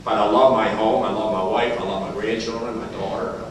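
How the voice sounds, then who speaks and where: A man's voice: on the low side, fairly even intonation, brisk, a little hiss or hum. An older man telling folksy stories at a recovery meeting, repeating phrases and chuckling as he goes. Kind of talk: storytelling speaker's talk at a meeting. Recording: very echoey hall, heard from far off.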